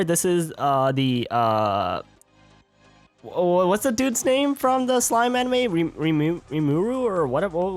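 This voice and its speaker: A man streaming a game live, chatting casually, stumbling over words and joking with his chat. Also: on the high side.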